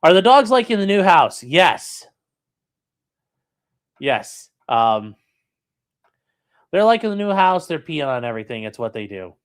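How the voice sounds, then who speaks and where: Young man, livestream host, casual rambling chat, animated up-and-down voice. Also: fairly high pitch, measured pace, pauses often. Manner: rambling, jokey, reads chat aloud. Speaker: call-in show host. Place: home room with carpet.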